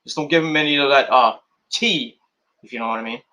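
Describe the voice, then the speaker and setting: A man's voice: mid-range voice, brisk, bright, forceful tone. A man recapping and rating a wrestling show in a rambling, casual vlog, full of crude jokes and swearing.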